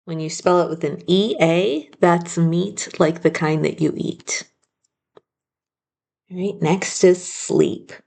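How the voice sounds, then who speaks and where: A woman's voice: on the low side, vocal fry, darkish tone. A woman teaching a phonics spelling lesson, patiently sounding out each word. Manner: slow, patient, sounding out words.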